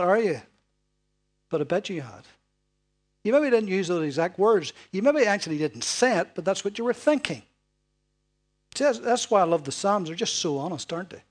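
Man, sermon, fairly high voice, chatty, tag questions, faint music behind. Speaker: preacher. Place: church hall before a congregation.

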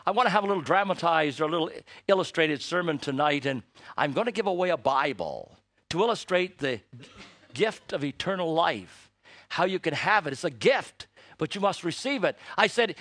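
Older guy preaching, high animated voice, bright tone, tells stories with feeling and gets loud. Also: normal speed, no room sound. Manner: emotional storytelling, rising to shouted emphasis. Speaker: missionary preacher. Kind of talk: sermon.

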